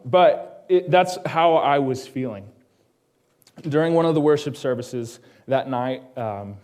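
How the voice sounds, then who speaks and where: A man delivering a personal sermon in a church, his voice sitting at a middle pitch. He tells his own story in a conversational way, tossing quick questions out to the congregation and dropping to a hushed tone on the solemn moments. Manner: drops to a hushed tone on solemn lines. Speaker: pastor.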